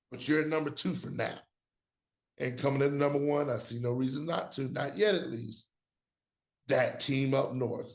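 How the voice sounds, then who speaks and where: A man's voice: mid-range voice, creaky, a little mellow. A man co-hosting a sports podcast, giving his own college football rankings in emphatic, slangy, trash-talking casual chat.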